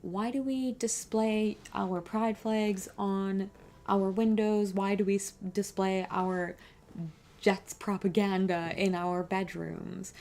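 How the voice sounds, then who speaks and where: A woman talking straight to her stream viewers in a blunt, impassioned rant peppered with swearing. Her voice carries a gravelly vocal fry at an ordinary middle pitch for a woman. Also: a little mellow. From Canada. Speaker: live streamer reacting to a debate. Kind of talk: heated reaction commentary.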